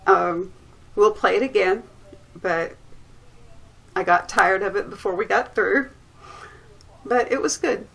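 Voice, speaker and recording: A woman giving a soft-spoken, unhurried recap of a board game night. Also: mid-range voice, creaky, rough recording. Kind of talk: casual recap to camera.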